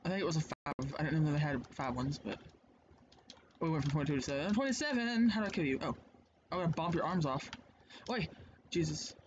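Rambly guy doing game commentary at home, bit high voice, dull noisy mic, swears a lot. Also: animated, brisk, long pauses. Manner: rambling, chatty, swears freely. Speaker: let's play host. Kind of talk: casual gameplay commentary. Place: home, indoors. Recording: dull lo-fi mic with clear noise.

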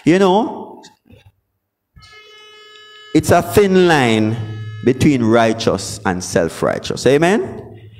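A man's voice: mid-range voice, sing-song, extremely slow, pauses often, a little mellow, faint music behind. A man preaching a sermon, often calling out for responses from the congregation. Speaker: pastor.

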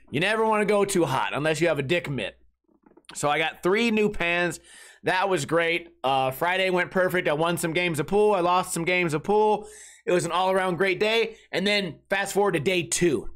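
A man's voice: high voice, a bit bright. A man hosting a comedy podcast, telling rambling, crude, jokey stories about his weekend in a casual way. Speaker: podcast host.

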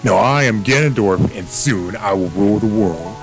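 A man reading the lines of an arrogant male villain king from a video game in his own plain, lowish voice. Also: normal speed, over music, close to an everyday voice, poor audio. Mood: taunting.

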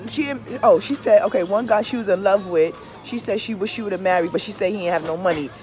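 A woman's voice: mid-range voice, fast, a little mellow, faint music behind. A woman vlogging in a casual, confessional way, swearing freely and often checking that listeners understand. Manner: profane, emphatic, keeps asking "you understand?". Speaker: tarot reader and vlogger.

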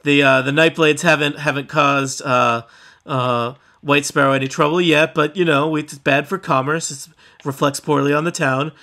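A man voicing a gruff, weary small-town woman sheriff, drawling and world-weary. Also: a little high, steady tone, normal speed, bright, forceful tone.

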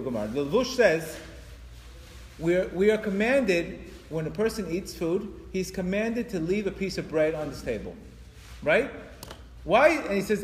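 High-voiced man lecturing in echoey hall. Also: a little hiss or hum. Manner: animated, stammering restarts, acts out quoted voices. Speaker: religious teacher. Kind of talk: spiritual lecture to an audience. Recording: echoey hall with long reverb.

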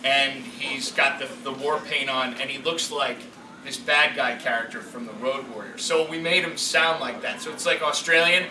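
A man's voice: medium pitch, normal speed. Rambling man telling panel stories, far off. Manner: animated, rambling storytelling with frequent fillers. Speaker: voice director and voice actor. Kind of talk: convention panel talk. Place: convention hall. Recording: echoey hall from far off, noisy.

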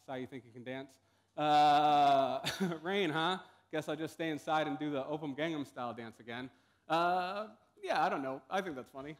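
A man's voice: a little high, fairly bright tone. A young man giving a casual conference talk on stage, full of ums and uhs. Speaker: conference speaker.

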